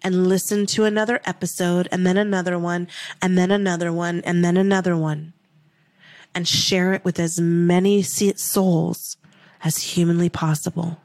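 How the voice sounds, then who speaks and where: A woman's voice: on the low side, little pitch movement, normal speed, darkish tone, dry recording. A woman hosting a manifestation podcast, speaking in an emphatic, repetitive, heartfelt way and swearing casually. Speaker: podcast host, manifestation coach. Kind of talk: motivational podcast talk.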